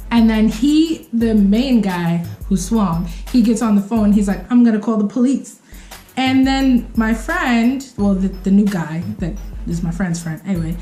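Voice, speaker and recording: A young woman vlogger telling a dramatic story time in a casual, expressive way, acting out what people said with sudden jumps in pitch. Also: roomy sound.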